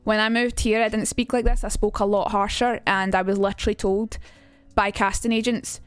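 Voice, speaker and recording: A woman's voice: mid-range voice, little pitch movement, brisk, few pauses, smooth, no room sound, soft background music. A young Scottish woman teaching on a casual livestream, chatty and blunt, swearing freely. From Scotland. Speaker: streamer.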